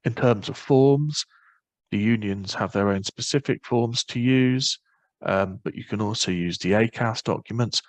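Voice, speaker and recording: Northern Irish male presenter, low voice, brisk informal webinar delivery, dry mic. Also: no echo, poor audio. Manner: quick, informal explaining with many fillers. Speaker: webinar presenter on parental leave.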